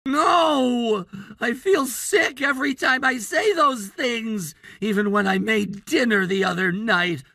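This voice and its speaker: A woman voicing a high-school boy in a text-story drama who shouts demands and then pleads tearfully. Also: slow pace, gravelly, dry recording, studio quality, heavily acted. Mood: tearful remorse.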